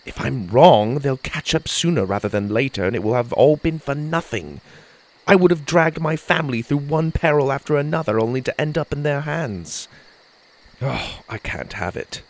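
A man reading a first-person fairy-tale story in an earnest, expressive way. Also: mid-range voice, normal speed, poor audio. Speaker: storyteller and podcast host.

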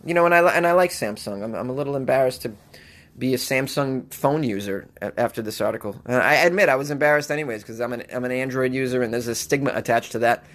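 A man hosting a comedy news show, reading odd headlines and riffing on them with sarcastic, animated rants and mock voices. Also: medium pitch, fast talker. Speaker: podcast host.

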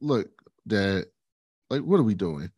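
Man, podcast co-host, lively swooping voice, dry close sound, acts out scenes. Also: fairly low pitch, dry recording. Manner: animated, acts out scenes in quick put-on voices. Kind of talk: casual recap chat.

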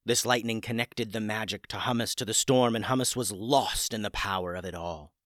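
Low-voiced man reading a bedtime story. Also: a little fast, fairly bright tone, no room sound, clean studio sound. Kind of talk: scripted narration.

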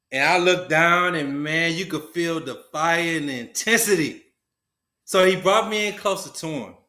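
An earnest man tells a story with colloquial emphasis as a podcast guest. His voice is high and bright. The room around him sounds echoey. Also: moderate pace. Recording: roomy echo.

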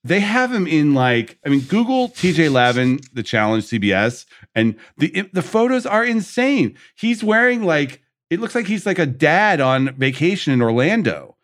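Talking at normal speed with few pauses, this podcast host has a voice that's a little high. He's animated in casual chat, ranting with playful mock outrage and performing quotes.

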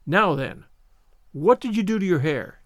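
A man voicing a stern older woman guardian in a storybook reading, brisk and scolding. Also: sits high, animated, no echo, studio quality. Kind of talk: audiobook character reading.

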